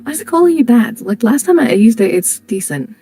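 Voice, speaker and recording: A woman's voice: a little high, big pitch swings, fairly quick, mellow, faint music behind, low-quality recording. A young woman streaming and chatting casually over voice chat, blurting things out and swearing.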